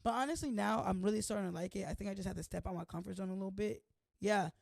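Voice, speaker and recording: A young woman hosting her own vlog, playful and chatty, with a slightly hoarse voice and constant "like"s. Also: medium pitch, rapid-fire, darkish tone, dry recording, clean studio sound. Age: young adult. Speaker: host. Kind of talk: casual vlog chat.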